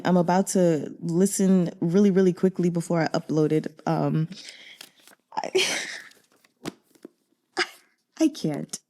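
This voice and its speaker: A woman's voice: on the low side, warm tone. Exasperated woman venting after a reading. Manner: candid and exasperated, heavy on fillers. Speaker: audiobook reader. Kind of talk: casual reader commentary.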